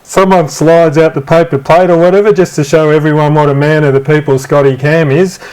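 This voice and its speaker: A man's voice: fairly high pitch, steady tone, a little fast, darkish tone, clean tone, poor audio. An Australian man co-hosting a rugby league show, telling rambling, irreverent stories in casual banter. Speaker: podcast co-host.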